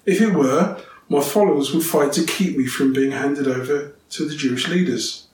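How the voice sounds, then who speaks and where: A man reading as a calm, dignified king. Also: a little high, lightly acted. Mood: solemn. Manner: measured, solemn reading. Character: calm, steady male teacher-king, dignified. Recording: roomy, distant, faint ambience.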